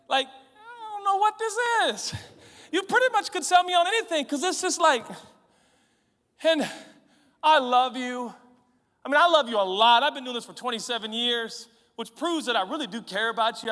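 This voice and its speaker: A pastor in his forties delivers an energetic, playful sermon and breaks into shouts. His voice is high and bright. Long reverb from a big church hall trails behind him.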